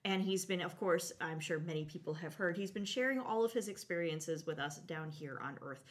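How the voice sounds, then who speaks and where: A woman's voice: lowish voice, moderate pace. A woman co-hosting a live online space show, sharing space news in an upbeat, enthusiastic way with fillers. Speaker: show co-host. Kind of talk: casual live show chat.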